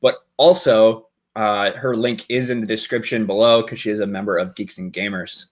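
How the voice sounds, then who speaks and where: A man's voice: lowish voice, fairly even intonation, normal speed. Upbeat man hosting a charity stream. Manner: upbeat, thanking donors with fillers. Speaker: stream host. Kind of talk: casual stream chat.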